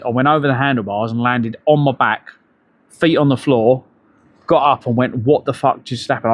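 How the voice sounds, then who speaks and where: A middle-aged man, telling rambling, profane stories to his live-stream chat while out on a bike ride. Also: medium pitch. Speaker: livestreamer.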